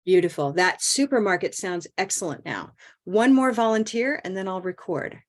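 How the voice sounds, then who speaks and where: A woman teaching English pronunciation in an online group lesson, encouraging and stretching out stressed words slowly. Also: medium pitch.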